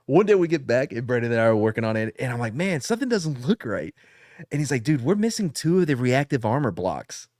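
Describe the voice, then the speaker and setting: Guy on a podcast telling an old army story, lively voice that jumps all over, laughs a lot, dry close mic. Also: medium pitch, fast, few pauses, no room sound. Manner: animated storyteller, acts out voices, laughs often. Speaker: podcast co-host, veteran. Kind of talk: casual storytelling with profanity.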